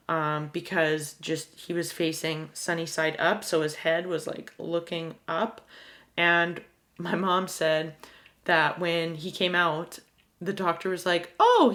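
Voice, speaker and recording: A woman's voice: fairly low pitch, a bit bright. A young woman telling a personal story to her viewers in a casual, candid way, with lots of "like" fillers. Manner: chatty and candid, many "like" fillers. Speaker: vlogger.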